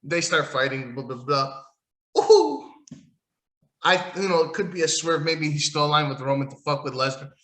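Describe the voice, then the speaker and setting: A man's voice: fairly high pitch, expressive, moderate pace, fairly bright tone, reverberant. A man hosting a solo wrestling podcast, ranting in a profane, sarcastic, rambling way while losing his voice. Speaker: podcast host.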